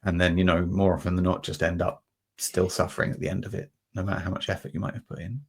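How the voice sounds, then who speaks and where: A podcast host with a low, creaky voice rambles through a reflective, conversational explanation, speaking fast in a level tone. He meanders with many fillers and restarts, using homely examples to make his points.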